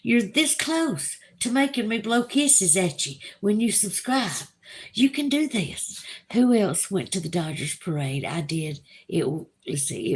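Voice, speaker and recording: Slow-drawling Southern woman livestreamer. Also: on the low side. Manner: chatty, drawling, reads comments aloud slowly. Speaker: livestream host reading chat. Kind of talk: casual livestream chat.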